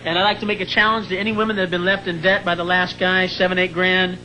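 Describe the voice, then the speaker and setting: A man's voice: high-pitched, flat delivery, quick pace, bright, forceful tone. A male stand-up comedian telling jokes and chatting as a talk-show guest, breaking into sudden screaming rants. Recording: noisy archival TV broadcast.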